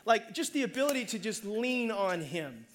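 A man preaching a sermon as pastor, conversational and energetic, calling out to the congregation. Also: high-pitched, moderate pace, slight background noise. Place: church.

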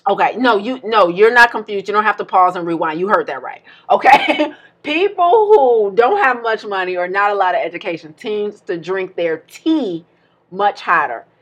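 A woman's voice: mid-range voice, lively intonation, normal speed, a bit bright. A woman co-hosting a casual podcast, talking in a playful, emphatic way and laughing often. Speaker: podcast co-host.

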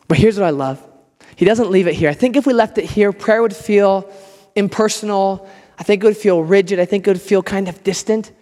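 A man preaching a sermon in a casual, conversational way, acting out quoted lines as he goes. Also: very high-pitched. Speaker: pastor. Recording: long hall reverb.

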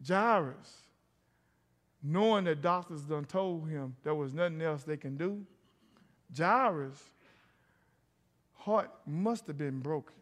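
In a church sanctuary with long hall reverb, a middle-aged pastor preaches a sermon, telling stories and calling out to the congregation. His voice is fairly high and a bit bright.

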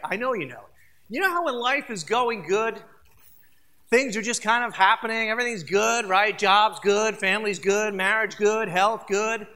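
A pastor preaching a sermon in an animated way, asking the congregation rhetorical questions. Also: mid-range voice.

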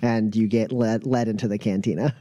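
A male game master narrates a tabletop game, halting and full of filler sounds. His tone is dark and mellow. The recording is close and dry. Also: lowish voice, steady tone, no room sound.

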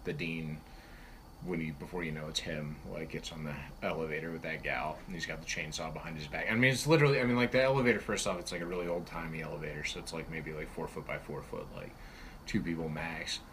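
A man co-hosting a casual film chat, retelling scenes in an animated way with lots of filler words. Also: a bass voice, quick pace. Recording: noisy home recording.

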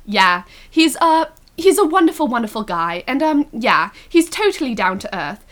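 A woman puts on a gushing British showbiz producer, reading his lines aloud from a transcript. The voice rides high and bright with a singsong lift, full of eager praise. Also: big pitch swings, normal speed.

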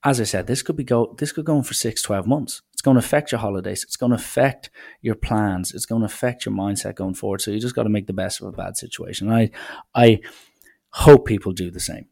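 A man's voice: lowish voice, a little fast, creaky, darkish tone. A young man, rambling sardonically through a casual solo podcast. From Ireland. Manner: sardonic, rambling, mock-serious. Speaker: podcast host.

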